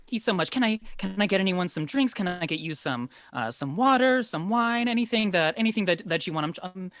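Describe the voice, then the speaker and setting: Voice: mid-range voice, lively intonation, fairly quick, fairly bright tone, voice pushed up. The game master voicing a nervous, apologetic baker woman in her fifties who stammers and keeps saying sorry over a video call. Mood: fussing.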